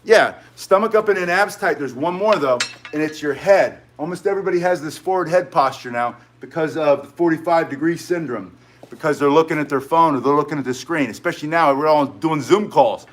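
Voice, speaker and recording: A middle-aged martial arts teacher speaks a little fast in a fairly high voice during a casual live tutorial. He chats with his viewers, rambles, and wanders off topic.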